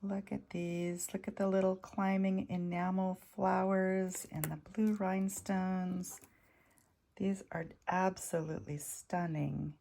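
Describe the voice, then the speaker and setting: A woman talking casually in a vlog, showing off vintage jewelry finds with enthusiasm and sometimes dropping to a soft near-whisper. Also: mid-range voice, level tone, slow, creaky. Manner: chatty, enthusiastic, drops to soft near-whispers over delicate pieces. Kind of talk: casual show-and-tell vlog.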